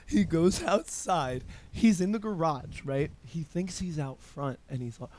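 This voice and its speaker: A man in his thirties in casual chat, telling animated, profane stories. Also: a little high, unhurried. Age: 30s.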